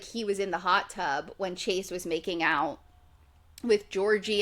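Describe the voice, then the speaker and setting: A young woman co-hosting a podcast, chatting casually and acting out quotes in lively voices. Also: mid-range voice. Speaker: podcast co-host. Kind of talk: casual chat recapping reality TV.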